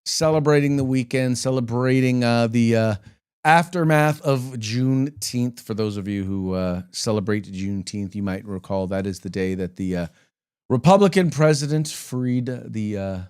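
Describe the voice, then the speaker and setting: A man's voice: mid-range voice, moderate pace, darkish tone, clear, resonant tone. A man hosting a political talk show, rambling in a folksy way with many fillers and restarts, reading sponsor spots. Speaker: podcast host.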